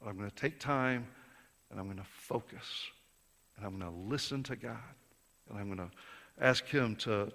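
A man preaching a sermon in a conversational way, rising to emphatic peaks and then dropping soft. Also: fairly low pitch. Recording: reverberant hall.

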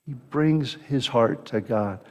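A male pastor delivers a sermon at a slow, deliberate pace, earnest and often restarting his phrases. His voice sits at an ordinary pitch. It carries a long reverb from a large church hall. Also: a little mellow.

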